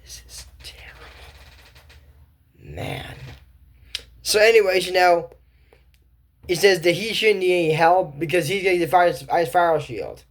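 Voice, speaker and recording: A man's voice: sits high, normal speed. Rambling man recapping a cartoon. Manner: rambling, incredulous, full of fillers and asides. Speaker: cartoon reviewer. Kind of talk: casual commentary recap.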